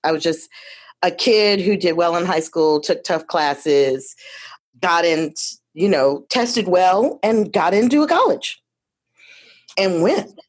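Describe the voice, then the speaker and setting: A woman in her fifties from Detroit, a guest telling her life story in a lively, chatty way with many asides. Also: lowish voice, takes it slowly. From Detroit, USA. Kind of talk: casual storytelling conversation.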